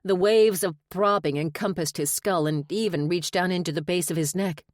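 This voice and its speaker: A woman narrating a romance audiobook in a measured, expressive reading. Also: fairly low pitch, dry recording, clean studio sound. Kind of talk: scripted narration.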